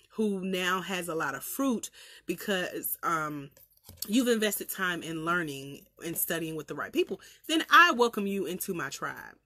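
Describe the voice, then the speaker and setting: A woman's voice: fairly low pitch, dry recording. A woman with a Southern country accent, a life coach trainer talking casually and energetically to viewers on a livestream, laughing often and using colloquial phrasing. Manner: lively, chatty, preacherly.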